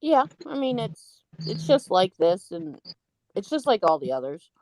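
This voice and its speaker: A woman's voice: mid-range voice, big pitch swings, a little slow, mellow, no room sound. A woman co-hosting a livestream, giving matter-of-fact advice in casual chat.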